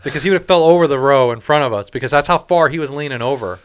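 A man's voice: medium pitch, quick pace, clean tone. A man in his late thirties, ranting and cursing his way through a casual story about a concert. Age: 30s. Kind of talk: casual chat.

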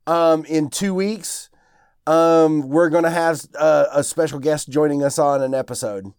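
A man's voice: fairly high pitch, fairly even intonation, unhurried, a little mellow, smooth, no room sound, studio quality. A young man co-hosting a casual podcast, telling a rambling story full of fillers on a lavalier mic. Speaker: podcast co-host.

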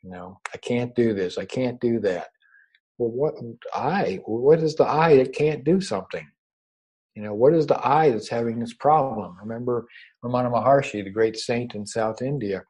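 A man giving a spiritual teaching over a video call, unhurried and gently reassuring, often repeating his words. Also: mid-range voice, slightly rough, poor audio. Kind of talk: meditative spiritual talk. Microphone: own microphone over a video call.

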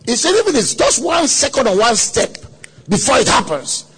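A man preaching a sermon at a conference, telling a story dramatically with quoted voices and sudden shouts. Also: very high voice, wildly swooping pitch, moderate pace, breathy edge. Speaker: pastor. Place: conference hall.

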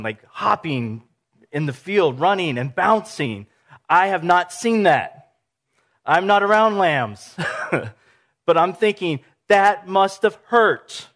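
A man preaching a sermon in a conversational, animated way, acting out little scenes for his listeners. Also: a little high. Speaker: pastor.

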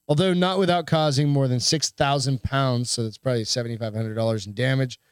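A man's voice: mid-range voice, clear, resonant tone, no room sound. A man co-hosting a podcast, reading a news story aloud in a loose, joking way. He swears freely and stumbles over the text now and then. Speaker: podcast co-host.

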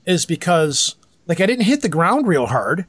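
A man's voice: a little high, big pitch swings, moderate pace, a bit bright, husky, dry recording. A man co-hosting a podcast, telling a long story in a rambling, repetitive way, a little loopy and sore from painkillers. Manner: rambling, repeats himself, acts out voices in anecdotes. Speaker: podcast co-host. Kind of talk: casual chat, storytelling.

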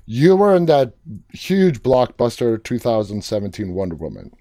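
Warm dark-voiced male interviewer. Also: mid-range voice, sing-song, normal speed, dry recording, studio quality. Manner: enthusiastic, direct questions with filler uhs. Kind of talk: casual interview.

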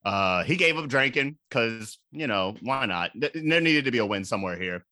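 A man with a bright, clear voice co-hosts a loose film-review chat. He retells scenes animatedly and drops in quick mock quotes. The sound is close and dry. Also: medium pitch, animated, dry recording. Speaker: podcast co-host.

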